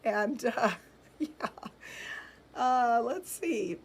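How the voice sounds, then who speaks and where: Broadcasting a jewelry shopping stream from her store, this host answers viewer comments in a bright, talkative way, often laughing and using fillers. Her voice sits a little high and sounds animated and slightly breathy, and she stretches out her words.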